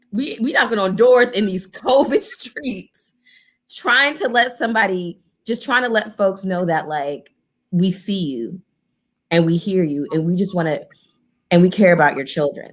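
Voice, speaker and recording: A woman who organizes in her community and once ran for office, speaking earnestly to a panel. She repeats phrases for emphasis and talks to the group in a casual, direct way. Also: on the low side. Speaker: community organizer and former political candidate. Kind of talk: heartfelt panel remarks.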